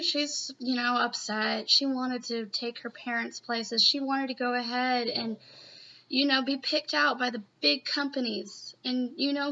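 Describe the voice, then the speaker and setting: A woman's voice: sits high, pushed and bright. A woman chatting casually in a live reaction video, rambling and gushing with lots of "you know.". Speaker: manga reaction vlogger. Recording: muffled lo-fi home recording.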